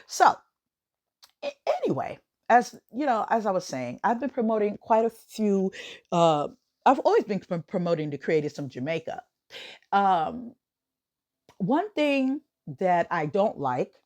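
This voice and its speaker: An American woman hosting a podcast, talking casually in an animated way, laughing often and swooping up high for emphasis. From United States. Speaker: podcast host. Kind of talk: casual monologue.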